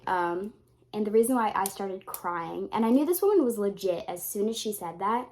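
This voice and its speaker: A woman's voice: mid-range voice, a little mellow. A young woman vlogging in a rambling, casual way, swearing freely and getting emotional. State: tearful at times. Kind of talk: casual vlog talk.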